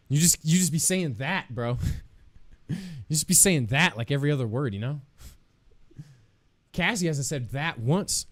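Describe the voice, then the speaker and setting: A man's voice: medium pitch, dry recording. A man streaming live, chatting casually with viewers in a playful, joking way, laughing often and swearing freely.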